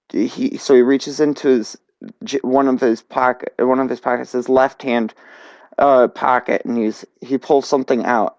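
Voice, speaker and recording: A young man casually narrating a storytime, halting with many fillers and restarts. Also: medium pitch, a little mellow, no room sound. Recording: dull dry lo-fi recording.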